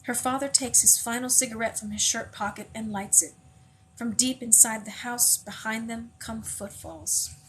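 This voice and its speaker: A woman reading a novel aloud in a measured, unhurried way, slowing on vivid passages. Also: on the high side, fairly even intonation, a bit bright, a little hiss or hum, low-quality recording. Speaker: audiobook reader.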